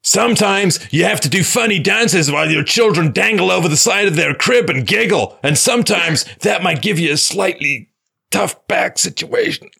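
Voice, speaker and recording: A male host on a call-in show, talking sarcastically and acting out mock shouted scenes. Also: high voice, expressive, moderate pace, gravelly, breathy edge. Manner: sarcastic, acts out mock war-movie shouting.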